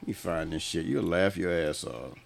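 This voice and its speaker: Gravelly-voiced man telling profane stories. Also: low voice, moderate pace, slight background noise. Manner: profane, laughing, mimics people he talks about. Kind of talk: casual chat, storytelling.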